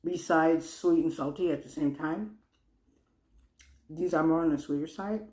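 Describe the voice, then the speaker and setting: A woman, chatting playfully and excitably as she hosts her eating show. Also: low-pitched, unhurried, roomy sound. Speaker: mukbang vlogger. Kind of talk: casual eating-show chat.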